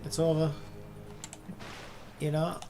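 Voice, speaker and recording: A man's voice: a little high, little pitch movement, slow pace, dark tone, slight background noise. A man streaming a game live, casually commenting, swearing and grumbling to himself as he plays.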